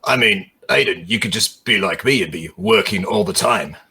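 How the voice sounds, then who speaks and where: A man playing a tabletop game, speaking hesitantly with soft fillers. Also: fairly low pitch, moderate pace, creaky, slightly rough. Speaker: player. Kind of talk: tabletop role-play.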